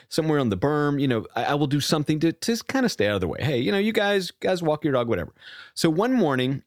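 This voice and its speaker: Animated man telling a story on a podcast. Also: mid-range voice, no echo, studio quality. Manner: animated storyteller, acts out quoted voices. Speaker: podcast co-host. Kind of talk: casual podcast chat.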